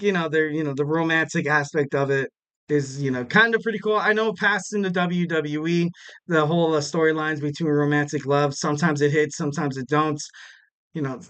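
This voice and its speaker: A young man talks through his podcast recap in a relaxed, rambling way, full of fillers and little jokes. His voice sits a touch high and comes across smooth and clear. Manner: loose and rambling, many fillers, jokey asides with laughs. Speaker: podcast host. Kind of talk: casual solo wrestling recap.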